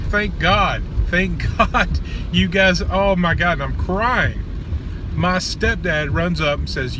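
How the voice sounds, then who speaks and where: A man's voice: on the high side, background noise. A man vlogging, telling personal stories in a blunt, crude, joking and then earnest way, outdoors near a road. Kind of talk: casual personal storytelling.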